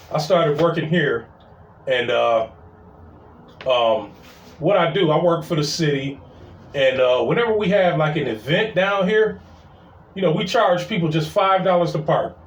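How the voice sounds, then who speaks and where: A man casually telling a story, animated and full of "I was like". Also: fairly high pitch, a little slow, long pauses. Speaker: storyteller, city parking attendant. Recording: roomy sound from a distance.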